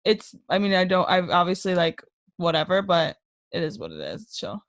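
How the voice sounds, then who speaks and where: A woman's voice: on the low side, sing-song, moderate pace, no room sound, clean studio sound. A woman co-hosting a podcast who rambles with many fillers and mocks herself in casual chat. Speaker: podcast co-host.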